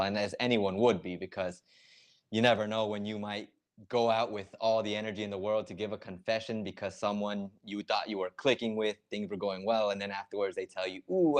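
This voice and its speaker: A man streaming live, chatting casually and explaining slang words step by step with lots of fillers. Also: lowish voice.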